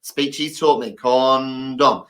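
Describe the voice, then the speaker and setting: Male, stand-up storytelling, playful and emphatic, bright edge, mid pitch. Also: steady tone, slow.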